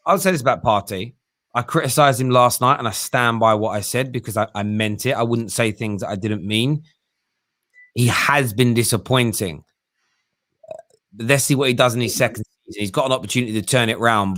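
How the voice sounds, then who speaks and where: A man's voice: medium pitch, brisk, fairly bright tone, no echo, clean studio sound. A man hosting a fan phone-in show, talking in a conversational way with frequent restarts. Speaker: host.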